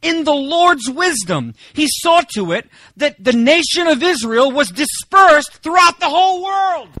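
A man's voice: very high-pitched, big pitch swings, measured pace, bright, forceful tone. A man preaching a sermon as pastor, emphatic and full of rhetorical questions to the congregation. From Germany.

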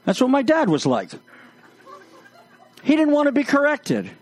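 A man's voice: very high-pitched, wildly swooping pitch, a little slow. A man preaching a sermon, mixing jokes and anecdotes into his teaching. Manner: humorous, anecdotal storytelling. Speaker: pastor.

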